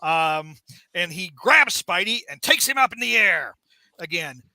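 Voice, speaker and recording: A man hosting a casual comic book review show, jokey and animated, acting out scenes as he recaps. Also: high voice, a little slow, no echo. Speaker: podcast host.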